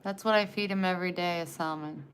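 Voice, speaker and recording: A woman's voice: fairly low pitch, fairly even intonation, quick pace, a little hiss or hum. A woman in her forties chatting casually on a livestream, greeting viewers and reading their comments aloud. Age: 40s. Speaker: livestream host.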